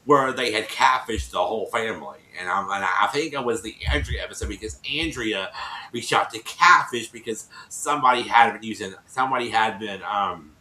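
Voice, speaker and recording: A man chatting to his viewers in a bright, clear voice, retelling a show episode in a loose, rambling way. He circles back over his own words and slips into the voices of the people he quotes. The room around him rings with echo. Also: fairly low pitch, normal speed, slight background noise. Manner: rambling, repeats and restarts, acts out quotes. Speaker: vlogger recapping a reality show.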